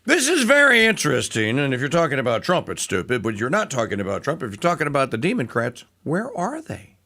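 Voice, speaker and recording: A male talk radio host in mid-monologue, his voice sitting a bit high and swinging widely in pitch. He sounds sarcastic and animated, often stumbling and restarting as he goes.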